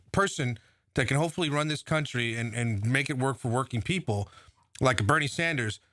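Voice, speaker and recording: A man's voice: fairly high pitch, sharp tone, no echo, clean studio sound. A man delivering an angry, profane political rant, mocking and heated as he comments on a clip.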